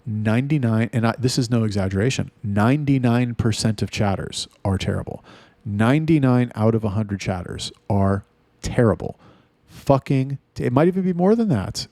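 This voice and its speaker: A man's voice: mid-range voice, dark tone, no room sound. A man ranting in a casual, blunt and heavily profane monologue. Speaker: talk host.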